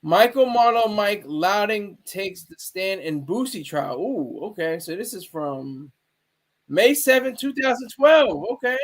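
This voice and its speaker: A man's voice: sits high, animated, unhurried. A man giving casual livestream commentary, rambling, restarting sentences and talking back to his chat. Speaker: streamer.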